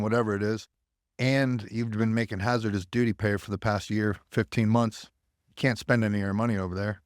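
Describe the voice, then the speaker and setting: A fairly low-pitched man, an army veteran from the United States, appears as a podcast guest and tells his story candidly and bluntly, swearing plenty and acting out quoted voices. The recording is dry with clean studio sound.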